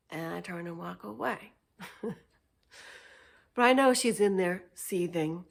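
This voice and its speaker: Woman vlogger, casual unscripted storytelling, unhurried and chatty, laughs often. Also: mid-range voice, vocal fry.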